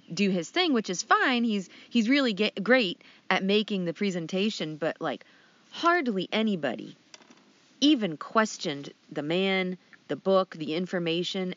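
A woman's voice: on the low side, a bit bright. A woman co-hosting a podcast in casual chat, joking and laughing easily. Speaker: podcast co-host. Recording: dull lo-fi podcast audio.

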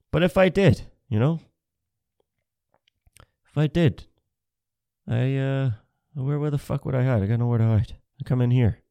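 A man's voice: medium pitch, warm tone, no room sound, studio quality. A man in his thirties doing a rambling, profane, self-mocking stand-up comedy set. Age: 30s.

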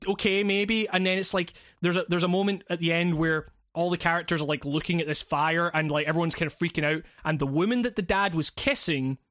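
A man's voice: on the high side, brisk, few pauses, a bit bright, dry recording, studio quality. Rambling, swearing man. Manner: rambling, profane, with many fillers and restarts. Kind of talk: casual chat recapping a video game.

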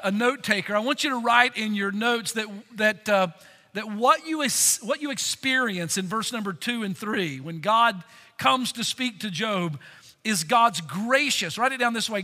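High, bright-voiced preaching pastor. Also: male voice, in a large hall. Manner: earnest, expressive, with frequent rhetorical questions. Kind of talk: sermon.

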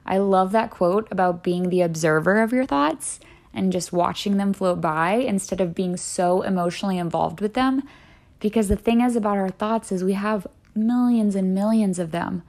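A woman's voice: medium pitch, normal speed, a little mellow. Female solo podcast host, encouraging and conversational, mid-range voice. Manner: earnest, encouraging, chatty with many "like"s. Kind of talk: solo wellness podcast talk.

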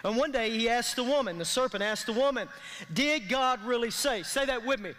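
A man delivers a sermon in a high, bright voice. The long reverb of a large church hall trails after his words as he draws the congregation into call-and-response. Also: fast talker, a little hiss or hum. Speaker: pastor. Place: church sanctuary.

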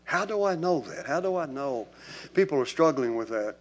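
A man's voice: on the high side, expressive, normal speed. A man preaching a sermon to his congregation in a church. He talks in an emphatic, conversational way and calls out to the people in front of him. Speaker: pastor.

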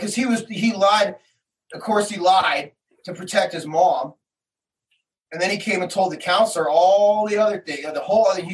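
Agitated father, heard from a distance. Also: high voice. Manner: agitated, acts out quotes, swears, rising to shouts. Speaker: father telling his story. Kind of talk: emotional personal account.

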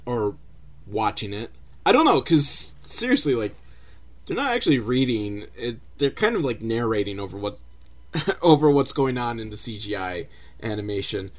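A man's voice: mid-range voice, sing-song, normal speed. A man hosting a comedic movie recap, sarcastic, profane and rambling. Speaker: host, film reviewer.

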